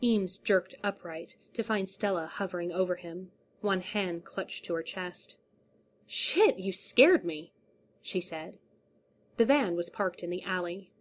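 A woman narrating a story in a measured, even storytelling manner. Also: fairly low pitch, slight background noise. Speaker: audiobook narrator.

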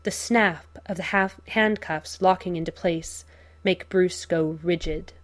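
Slow low-voiced woman reading a story. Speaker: narrator. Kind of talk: reading fan fiction aloud.

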